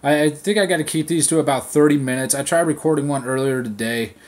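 A man hosting a podcast, ranting in a casual, profane style and telling an animated story, recorded on his phone. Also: on the high side, fast talker. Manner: swears constantly, animated storytelling. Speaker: podcast host.

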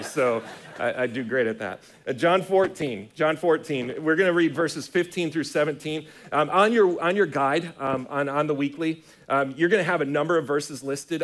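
Man, middle-aged, pastor, sermon, conversational storytelling, slightly higher voice. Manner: conversational, animated storytelling with frequent restarts. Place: church sanctuary.

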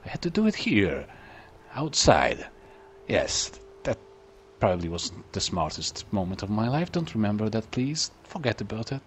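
A man's voice: fairly low pitch, sing-song, moderate pace, a little hiss or hum. A man hosting a let's play, chatty, joking and self-deprecating, talking back to the game's characters. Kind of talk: casual game commentary.

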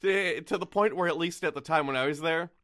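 A man's voice: a little high, fairly bright tone, no room sound, clean studio sound. A man co-hosting a podcast, chatting casually in a rambling way with laughs. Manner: rambling, laughing, quick asides. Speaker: podcast co-host. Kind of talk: casual chat.

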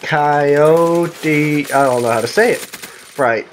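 A man from the Southern US with a Southern accent, giving casual, rambling voice-over commentary on his own gameplay, excitable and jokey with sarcastic asides. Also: mid-range voice, moderate pace, slight background noise. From Southern United States. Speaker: gaming commentator.

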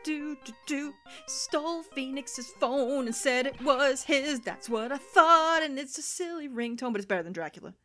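A woman hosting a let's play, reacting with excited exclamations and frequent laughter while reading the game aloud. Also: high-pitched, moderate pace. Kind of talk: video game commentary. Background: faint game music.

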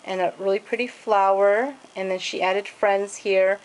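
A woman's voice: mid-range voice, steady tone, unhurried, rough recording. A woman casually showing off craft pages in a home video, gushing over each piece and stringing details together with "and then" and fillers. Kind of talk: casual show-and-tell.

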